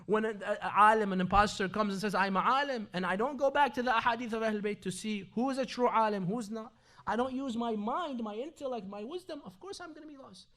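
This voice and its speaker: A man preaching a sermon, dramatic and earnest, swinging between loud pleading and low, intense speech. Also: fast. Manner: dramatic, shifting from loud pleading to low earnest tones, quotes Arabic scripture.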